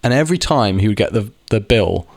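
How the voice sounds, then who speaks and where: A man's voice: lowish voice, animated, fairly quick, vocal fry, no room sound, clean studio sound. A young man talking casually to camera, rambling with lots of restarts and the odd swear word. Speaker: vlogger. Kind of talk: casual monologue.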